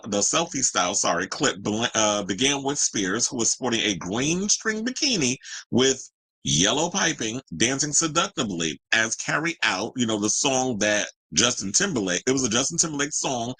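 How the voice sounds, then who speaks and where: A man hosting a celebrity gossip show, talking in a sassy, animated way with slangy asides. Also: lowish voice, breathy edge, no echo, low-quality recording. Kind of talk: casual gossip commentary. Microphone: home streaming mic.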